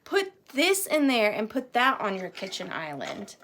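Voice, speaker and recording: A woman's voice: a little high, huge pitch swings, unhurried, fairly bright tone, a little hiss or hum. A woman running a live vintage auction, chatting playfully and counting down bids. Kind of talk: casual live sale chat.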